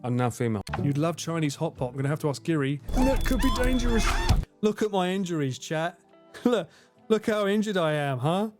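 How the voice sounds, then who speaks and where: A man giving casual gaming stream commentary, swearing, laughing and breaking into sudden loud yelps. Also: a little high, expressive, moderate pace, over loud music. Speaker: livestreamer.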